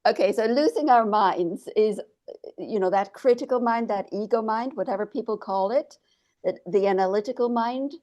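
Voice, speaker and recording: A woman's voice: medium pitch, moderate pace, a little mellow. A woman hosting an interview, asking curious questions and prompting her guests to go on. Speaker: interview host. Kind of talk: casual interview conversation.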